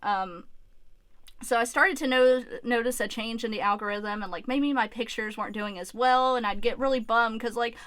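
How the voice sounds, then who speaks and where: Young woman, candid personal vlog, emotional and rambling, swears, slightly high voice, dry close sound. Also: fairly even intonation, moderate pace, a bit bright, dry recording. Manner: candid and emotional, swears freely, many likes and restarts. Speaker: YouTuber.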